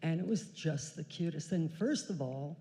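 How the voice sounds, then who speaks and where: A chatty woman in her sixties tells a family story on a church stage, lively and quick to laugh. Her voice is warm and mellow. A long reverb hangs in the large hall around her. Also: low-pitched. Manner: chatty, animated, laughing, acting out quotes. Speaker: daughter telling family story.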